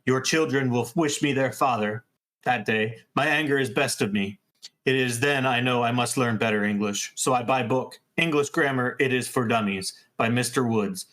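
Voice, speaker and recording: A man's voice: mid-range voice, moderate pace, a bit bright, natural voice. A man voicing a boastful, hot-tempered Russian immigrant, reading in a thick put-on Russian accent with broken grammar, as a comic dramatic reading.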